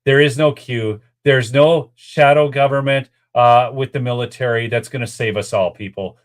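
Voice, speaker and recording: A man's voice: mid-range voice, steady tone, normal speed, hardly any pauses. A man hosting a political commentary show, talking straight to his viewers in a worked-up, exasperated way between clips. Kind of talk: ranting commentary over clips.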